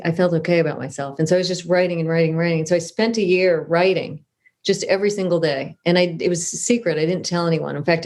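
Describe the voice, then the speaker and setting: A woman's voice: lowish voice, darkish tone. A middle-aged woman from Southern California, an author telling stories in a casual interview, chatty and self-deprecating with many restarts. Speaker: author guest. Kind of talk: conversational interview storytelling.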